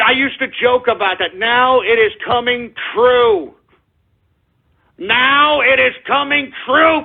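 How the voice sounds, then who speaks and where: A man with a high, husky voice rants on talk radio, crude and mocking, swinging from low grumbles up to shouting. The sound is thin and phone-like, as if it is coming down a narrow line. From United States. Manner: loud, crude, mocking rant with sudden shouting swells. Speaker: radio show host. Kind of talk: ranting talk radio monologue. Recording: phone-like narrow-band audio.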